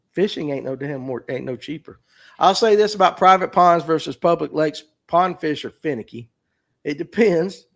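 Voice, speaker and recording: A man in his fifties with a North Georgia Southern drawl, hosting a fishing show and chatting folksily while reading out viewer comments. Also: on the high side. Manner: folksy, chatty, answers chat questions aloud. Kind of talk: casual livestream talk reading viewer comments.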